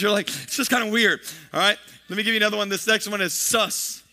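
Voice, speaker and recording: In a high, sharp-toned voice and at a fairly quick pace, a pastor in his thirties jokes his way through a sermon for his congregation. He repeats words frequently and drifts into asides.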